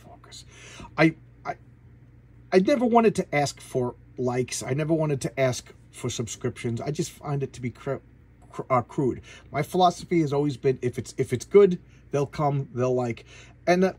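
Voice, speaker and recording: Male host, casual review vlog; husky, eager, tumbling and repetitive delivery. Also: on the high side, moderate pace. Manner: excitable, gushing, repeats words. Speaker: comic book channel host. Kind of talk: casual comic book review.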